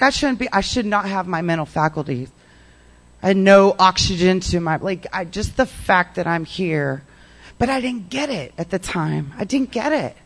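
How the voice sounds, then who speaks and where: Candid, animated recovery-meeting speaker; mid pitch, conversational, acts out dialogue. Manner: peppers speech with "like" and "you know". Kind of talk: personal recovery story told to a meeting.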